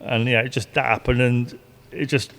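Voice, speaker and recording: A man's voice: medium pitch, flat delivery, moderate pace, fairly bright tone, slight background noise. A middle-aged man, a former racing driver, telling rambling, repetitive stories in casual conversation and swearing freely. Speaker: guest, retired racing driver. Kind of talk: casual anecdotal storytelling. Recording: reverberant room.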